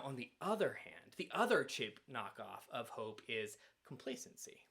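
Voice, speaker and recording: A male minister giving a sermon at a church, earnest and measured, with dramatic pauses. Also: a little high, a bit bright. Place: church sanctuary.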